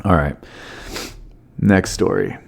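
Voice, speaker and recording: A man hosts a solo comedy podcast, riffing loosely on odd news stories. He rambles, jokes and swears freely in a somewhat low voice. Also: slow, gravelly. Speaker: podcast host.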